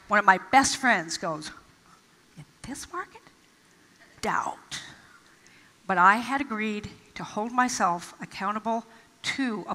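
A woman giving an inspirational stage talk, telling stories and acting out quotes with emphatic pauses. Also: medium pitch, pushed and bright, big-room sound. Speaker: motivational speaker. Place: large event hall.

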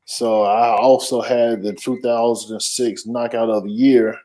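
Ex-boxer guest from North Carolina, warm, relaxed tone, plain and modest answers. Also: male voice, medium pitch, unhurried, rough recording. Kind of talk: interview answers.

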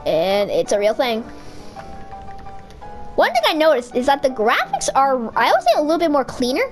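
Brief: young gamer, high and very lively, rambling chat over faint game music. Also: moderate pace, poor audio. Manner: rambling, giggly, self-correcting. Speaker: let's-play gamer. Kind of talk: casual let's-play commentary.

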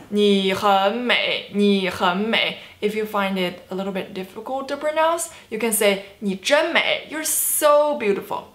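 A woman from China with a Chinese accent, teaching a cheerful online language lesson, laughing often and repeating words slowly for practice. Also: a little high, fairly bright tone, roomy sound. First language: Mandarin Chinese.

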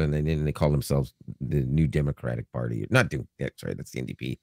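Canadian male podcast co-host, deep, dry mic, talkative and joking. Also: a little fast, gravelly, few pauses, dry recording. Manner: rambling, joking, animated storytelling. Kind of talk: casual chat.

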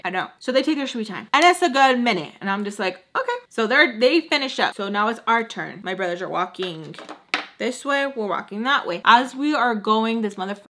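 A woman's voice: medium pitch, bright, forceful tone. A young woman vlogger telling a dramatic story while doing her makeup. She swears freely, drops Spanish words into her English and acts out the voices of the people in her story. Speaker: beauty vlogger.

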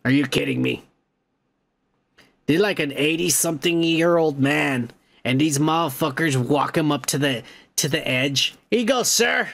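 A male comedy podcast host tears into the news in a profane, indignant rant. His voice sits a little high with a gravelly, fried edge, and he swears in nearly every line. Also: fairly even intonation, a little slow. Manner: loud, indignant, swears constantly.

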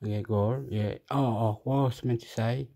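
A man's voice: mid-range voice, steady tone, normal speed, mellow. A man holding a phone and rambling in a casual monologue, losing his train of thought and repeating phrases. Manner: scattered, self-interrupting, repeats phrases. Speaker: vlogger reacting to news. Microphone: phone held in hand.

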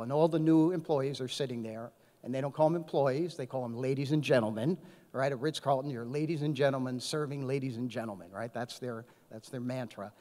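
Man, HR panelist, anecdotal, conversational, middle pitch, big hall reverb. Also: darkish tone. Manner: anecdotal, conversational with many "right?" tags. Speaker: panelist, HR executive. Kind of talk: panel discussion. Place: conference hall. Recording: echoey conference hall.

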